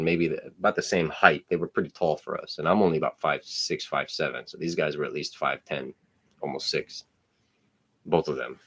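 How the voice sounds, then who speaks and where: A man's voice: a bass voice, husky. A man in his thirties from New Jersey, telling a profane, blunt story in casual chat.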